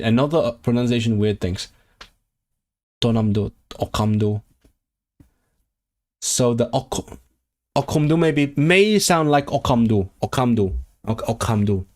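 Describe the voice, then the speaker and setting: A man streaming himself as he studies a language, drilling phrases aloud in a halting, repetitive self-talk. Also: mid-range voice, darkish tone. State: sore throat. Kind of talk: casual livestream study session.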